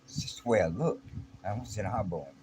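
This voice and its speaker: A middle-aged vlogger recounts a personal story in a blunt, streetwise, casual manner, his slangy speech full of restarts. His voice is very low and his pace brisk. The audio is poor, with steady background noise underneath.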